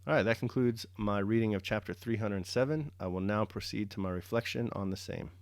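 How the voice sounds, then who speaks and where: A man reading a classic novel aloud, chapter by chapter, in a measured, steady way, then reflecting on it as host. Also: lowish voice, no room sound, clean studio sound. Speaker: reader and host. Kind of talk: audiobook-style novel reading.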